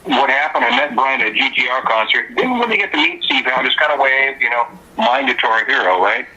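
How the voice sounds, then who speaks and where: A man, a musician guest, telling stories in a casual, animated interview. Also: mid-range voice, fairly quick, slightly rough, dull audio. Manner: animated anecdotal storyteller.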